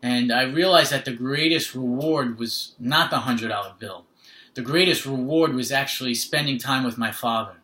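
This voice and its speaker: A man's voice: medium pitch, bright, forceful tone, roomy sound. A man telling a personal story in an earnest, conversational way, often adding "literally" and "right?".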